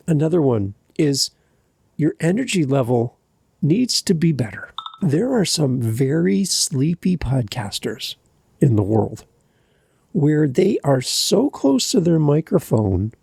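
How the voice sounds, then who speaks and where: A middle-aged man hosting a podcast from his basement, giving energetic, exasperated advice in a monologue. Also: on the high side, gravelly, husky, dry recording, studio quality. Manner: energetic, exasperated, lively teaching. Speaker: podcast host. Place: home basement. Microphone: studio mic, a bit back from it.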